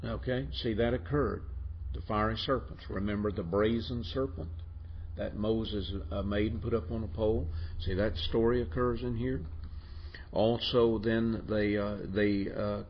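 Halting male teacher, lowish voice, muffled lo-fi classroom tape, faint room hiss. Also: steady tone. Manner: halting, repeats words, asks the class questions. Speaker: Bible teacher. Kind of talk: classroom lecture.

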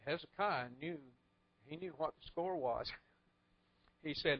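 A man's voice: fairly high pitch, measured pace, pauses often. Folksy man preaching, lo-fi recording. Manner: folksy storytelling with wry asides and chuckles. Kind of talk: sermon. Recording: muffled lo-fi recording.

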